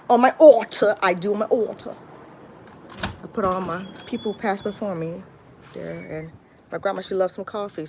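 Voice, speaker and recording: A tired woman from Florida, a vlogger, tells her viewers a rambling storytime and calls them y'all. Her mid-range voice stays lively despite frequent restarts, with a little hiss or hum in the recording. It's a casual chat aimed straight at her audience.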